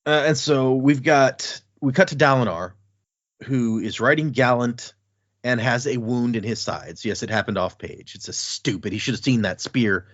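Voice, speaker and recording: A man's voice: medium pitch, dry recording. A man recapping a fantasy book chapter in casual podcast chat, acting out characters' lines as he goes. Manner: animated, acts out characters' lines in quick voices. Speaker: podcast co-host. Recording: dull dry podcast audio.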